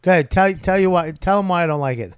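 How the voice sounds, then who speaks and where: A man's voice: high-pitched, fast, smooth, no room sound, studio quality. A man, a guest comedian, bantering and teasing in an argumentative way during casual chat.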